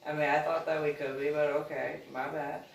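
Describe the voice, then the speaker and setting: A woman's voice: sits low, little pitch movement, brisk, gravelly. Laughing, rambling woman, distant and roomy. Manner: rambling, laughs often, acts out quoted people. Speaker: channel host. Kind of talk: casual storytelling monologue. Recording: roomy echo, distant from mic, faint background noise.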